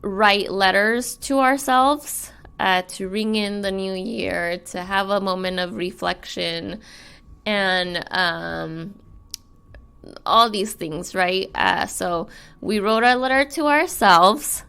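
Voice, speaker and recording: A woman co-hosting a podcast in casual chat. She speaks softly and hesitantly, with many pauses and filler sounds. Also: medium pitch, vocal fry, clear, resonant tone. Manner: soft-spoken, hesitant with many ums. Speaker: podcast co-host.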